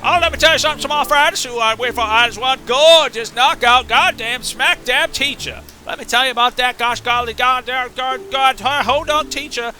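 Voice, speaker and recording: A man's voice: very high-pitched, moderate pace, few pauses, pushed and bright, faint music behind, pitched above the performer's own voice, exaggerated voice. A man doing a ranting drunken old fish. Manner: slurring drunken drawl, ranting. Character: brash loudmouthed old male fish, gossipy.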